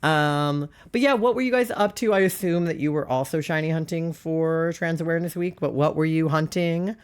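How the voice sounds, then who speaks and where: A young adult Twitch streamer chats casually on a live stream, sick and not sounding like their usual self. The voice is medium in pitch and normal in speed, with a clean tone. They ramble, giggle, and fill their speech with lots of fillers.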